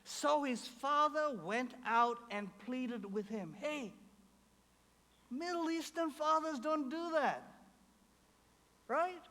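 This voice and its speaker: A man's voice: very high voice, slow pace, pauses often, pushed and bright. A man preaching a sermon, telling a story with emphasis and acting out the quoted characters. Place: church hall. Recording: reverberant hall, faint ambience.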